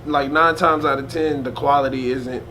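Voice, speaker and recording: A man's voice: mid-range voice, steady tone, normal speed, a crowd in the background. A young man, a hip hop artist, chatting as a guest in a laid-back, slangy way. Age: young adult. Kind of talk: casual interview chat. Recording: noisy room recording.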